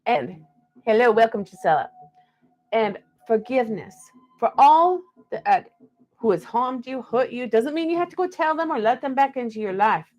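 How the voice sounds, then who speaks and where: A young woman reads cards for viewers on a live stream in a put-on Southern belle drawl. She calls each of them darling. Her voice sits a little high. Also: expressive, normal speed, darkish tone, muffled recording, faint music behind. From US Pacific Northwest. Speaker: live card reader. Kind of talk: live-stream psychic reading.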